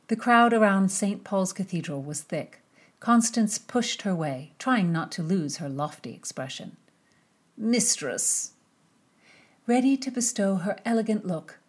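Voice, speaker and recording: A woman narrating a historical novel aloud, with measured, expressive storytelling. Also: fairly low pitch. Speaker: audiobook narrator. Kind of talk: scripted narration with character voices.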